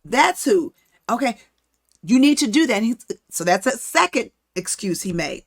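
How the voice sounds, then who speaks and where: A woman's voice: a little high, big pitch swings, normal speed, slightly rough. A woman hosting a podcast, teaching from the Bible in a casual, conversational way and acting out the story. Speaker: podcast host.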